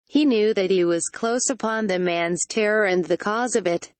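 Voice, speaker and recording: A text-to-speech female voice narrating a horror audiobook with a flat synthetic reading. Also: medium pitch, dry recording.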